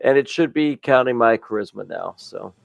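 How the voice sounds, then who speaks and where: Man, gravelly voice, laid-back player, dry muffled sound. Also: mid-range voice, expressive, moderate pace, dry recording. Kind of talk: casual tabletop play.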